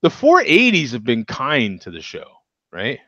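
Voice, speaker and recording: A man's voice: medium pitch, wildly swooping pitch, unhurried, sharp tone, dry recording, muffled recording. A man hosting a casual beer chat show, talking loosely and chuckling as he rambles. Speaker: host.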